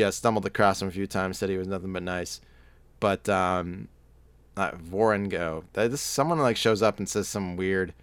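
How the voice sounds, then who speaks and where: A man's voice: lowish voice, a bit bright, clean tone, no room sound. A man co-hosting a podcast, telling rambling stories in casual chat, laughing often and mimicking people. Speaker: podcast co-host.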